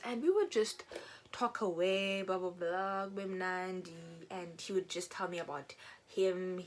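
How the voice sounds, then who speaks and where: A woman's voice: on the low side, slight background noise. A young woman from South Africa, chatting while doing her makeup and telling a personal story, acting out quotes in a raised voice. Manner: animated, acts out quotes in a raised voice. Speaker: beauty vlogger. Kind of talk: chatty get-ready-with-me storytelling.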